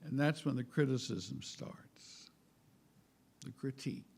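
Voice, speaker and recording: Slow, gravelly man giving a talk. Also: mid-range voice, a little mellow. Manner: wry, self-mocking, with chuckles; halting, repeats words. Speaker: spiritual speaker. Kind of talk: humorous spiritual talk.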